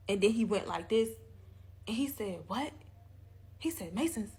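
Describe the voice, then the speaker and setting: A woman, telling a creepy dating story in a casual, animated, profane way and talking straight to her listeners. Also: medium pitch, measured pace, long pauses. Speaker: storyteller in a reaction clip.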